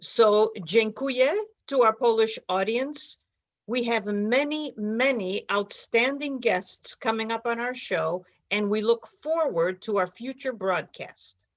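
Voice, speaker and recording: A woman's voice: fairly high pitch, slow pace. Woman hosting a talk show, really emphatic, repeats words to drive the point home. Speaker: host.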